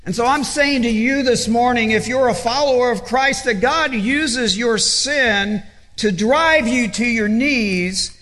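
A male pastor preaching an earnest sermon, with halting repetitions, dropping low and soft when he quotes scripture. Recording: echoey hall.

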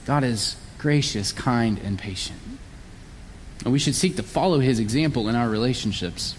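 A man's voice: medium pitch, a little hiss or hum. A man preaching a sermon, explaining scripture earnestly and sometimes acting out sarcastic voices. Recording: long hall reverb.

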